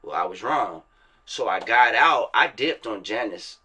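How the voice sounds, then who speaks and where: A man's voice: fairly low pitch, animated, measured pace, bright, forceful tone, slightly rough. A man from the American South, a rapper telling his story as an interview guest in casual, profane street slang, acting out other people's words. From Virginia and Florida, USA.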